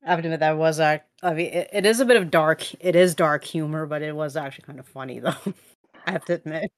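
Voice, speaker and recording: A woman's voice: sits low, quick pace, dry recording, studio quality. A woman co-hosting a podcast in casual chat, thinking aloud hesitantly with many fillers. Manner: hesitant, full of fillers, reflective. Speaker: podcast co-host.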